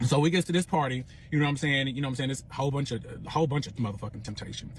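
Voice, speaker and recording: A man's voice: medium pitch, very fast, a little hiss or hum. A young man telling a personal story in casual, profane speech, acting out the other people's lines as he goes. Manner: profane, animated retelling with quoted dialogue.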